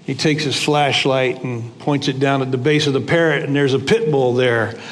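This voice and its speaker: A man's voice: medium pitch, fairly even intonation, normal speed, in a large hall. An older man preaching a conversational sermon to his church, repeating phrases for emphasis. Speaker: pastor. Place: church sanctuary.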